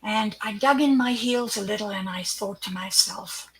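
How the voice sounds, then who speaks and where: An older woman, a guest in an interview, telling a personal story with animation. She acts out the quoted dialogue and sometimes drops into a hushed aside. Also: mid-range voice, normal speed, poor audio.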